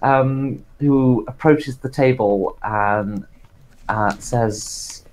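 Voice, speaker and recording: A man playing a tabletop role-playing game, describing his character's actions in a halting, hesitant way. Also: medium pitch, darkish tone, poor audio. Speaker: player.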